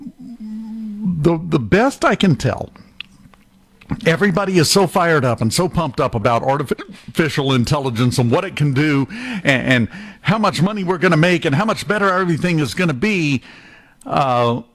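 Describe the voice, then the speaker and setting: A man chatting on a radio show with joking, animated banter, hiccuping now and then. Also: fairly high pitch, moderate pace. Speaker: regular radio guest. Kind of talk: casual radio chat.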